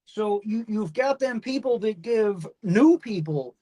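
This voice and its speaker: A man joining a casual podcast chat as a newer guest, speaking candidly with some halting restarts. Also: sits high, animated, warm tone.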